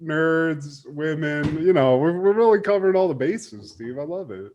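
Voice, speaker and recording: A man with a fairly high voice co-hosting a podcast, chatting casually. He swears freely, jokes crudely and laughs a lot. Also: lively intonation, moderate pace, darkish tone, lo-fi sound. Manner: crude, jokey, laughs often. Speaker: podcast co-host. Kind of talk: casual chat.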